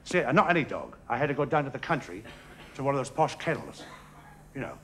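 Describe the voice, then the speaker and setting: Male stand-up, halting and bumbling, lively high-leaning voice; hissy old theatre recording with loud audience laughs. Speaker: stand-up comedian. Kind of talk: stand-up comedy routine. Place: theatre stage before a live audience.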